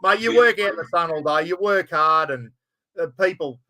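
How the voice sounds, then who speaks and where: A man's voice: fairly high pitch, moderate pace, bright, forceful tone, low-quality recording. Chatty older Australian man. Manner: matey, says "mate" constantly. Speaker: host. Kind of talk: casual live-stream chat.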